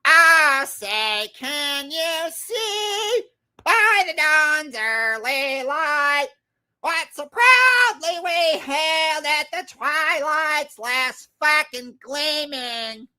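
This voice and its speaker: A man's voice: very high voice, moderate pace, sharp tone, voice pushed up, heavily acted. A man impersonating a brash, crude woman. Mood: mocking. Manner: crude, swearing, defiant. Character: brash, foul-mouthed middle-aged woman ranting. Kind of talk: comic impression on a livestream.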